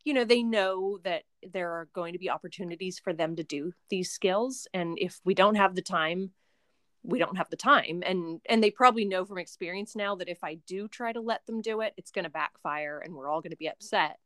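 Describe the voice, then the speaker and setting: A woman's voice: fairly low pitch, brisk, fairly bright tone, no echo. Young woman, mother as interview guest, chatty and rambling, dry close-miked sound. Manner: chatty, rambling, frequent fillers and restarts. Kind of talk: casual interview chat.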